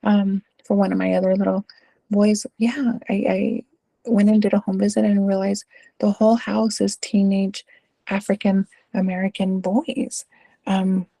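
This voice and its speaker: A middle-aged woman with a Texan accent talks through school stories in an interview. Her voice is warm and gravelly, and she leans on fillers and "right?" tags. The sound is close and dry, with no room echo. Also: mid-range voice. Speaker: school administrator. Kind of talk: interview answer, casual storytelling.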